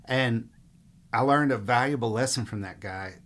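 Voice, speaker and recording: A middle-aged man from Mississippi, telling stories in a rambling, relaxed way as a musician guest in an interview. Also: medium pitch, normal speed. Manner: relaxed, rambling, frequent fillers. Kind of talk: casual interview storytelling.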